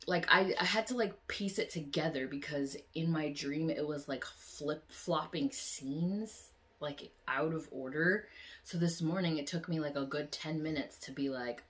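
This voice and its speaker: A woman vlogger casually retelling a dream, animated, often acting out lines in squealing high voices or dropping to whispers, with many "like" fillers. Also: measured pace. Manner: drops into quiet whispers; frequent "like" fillers. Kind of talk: casual dream storytelling vlog.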